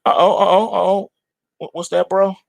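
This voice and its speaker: Man, trading show host, slangy and joking, end-of-day market commentary, fairly high voice, dry close sound. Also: normal speed, gravelly, no echo. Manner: animated, slangy, jokes that treat charts as people.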